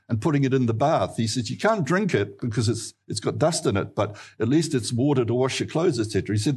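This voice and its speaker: A male pastor with a New Zealand accent delivers a sermon in a husky, slightly breathy voice at a middling pitch. He tells his stories earnestly and lifts his pitch to stress a point. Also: a little mellow.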